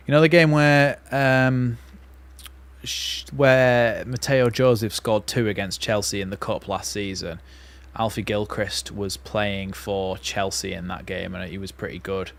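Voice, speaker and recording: Young male fan host, low-pitched, live football commentary, excitable. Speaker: watchalong host.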